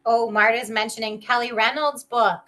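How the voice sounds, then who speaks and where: A woman's voice: a little high, fairly even intonation, normal speed, a bit bright. A woman co-hosting a livestream, chiming in with short agreements and passing on viewer comments. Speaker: co-host relaying viewer comments. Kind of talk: casual livestream chat.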